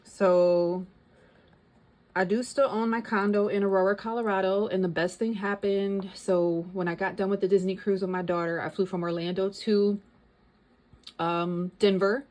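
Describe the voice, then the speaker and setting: A woman's voice: mid-range voice, fairly even intonation, normal speed, darkish tone. A middle-aged woman chatting casually as a vlogger, thinking aloud and reading out figures. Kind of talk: casual chat.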